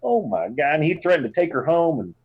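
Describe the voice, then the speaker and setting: A man's voice: fairly high pitch, sing-song, a little fast, husky, pitched above the performer's own voice. A man voicing a fierce, doting farm mother with an American Southern drawl, reading out a rambling letter home. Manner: warm, rambling, folksy drawl. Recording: dull lo-fi sound.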